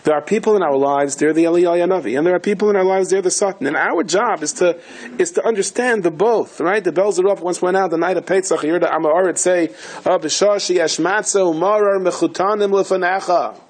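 A man, a rabbi, giving a sermon in a conversational, animated storytelling manner, using Yiddish and Hebrew terms. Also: sits high, quick pace.

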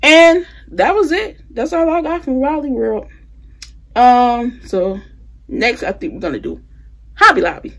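With an expressive, slightly high voice and an unhurried pace, a woman walks her viewers through the holiday decor she picked up. She's chatty, saying "you guys," "y'all," and "I'ma" in this relaxed home decor haul.

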